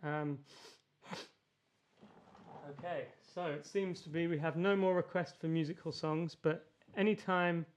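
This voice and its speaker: With a fairly high voice and an unhurried manner, a man running a music livestream from his home piano room chats easily between numbers and pokes fun at himself. Music plays clearly in the background.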